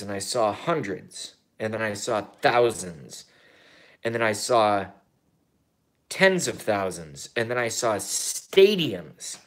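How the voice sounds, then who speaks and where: A man in his thirties rambling through a political vlog monologue, excitable and profane, swinging from mumbled asides to loud outbursts and repeating himself. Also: mid-range voice. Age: 30s. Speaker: YouTuber.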